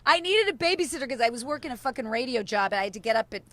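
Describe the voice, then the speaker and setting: A woman's voice: a little high, expressive, racing, a bit bright. A woman co-hosting a comedy podcast, telling stories in a loose, profane way and laughing as she goes. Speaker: podcast co-host. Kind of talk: casual comedic storytelling.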